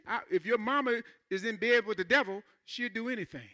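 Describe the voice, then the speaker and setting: Bright-voiced preacher man, high and forceful. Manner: preaching in an informal, conversational style; acts out church members in quick asides. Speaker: pastor. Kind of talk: sermon. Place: church.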